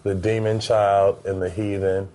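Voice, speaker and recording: A man's voice: lowish voice, flat delivery, a little slow, mellow, low-quality recording. A man guest on a casual podcast interview, telling stories in a laid-back way with frequent fillers and laughs. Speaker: former basketball player guest.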